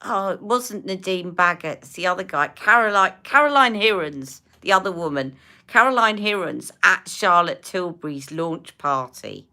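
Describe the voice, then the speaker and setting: Brief: woman, fifties, beauty livestream host; low-set but bright, chatty and rambling. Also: expressive, moderate pace. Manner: chatty, rambling, answers viewers' comments. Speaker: beauty live-stream host. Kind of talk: casual chat while doing makeup.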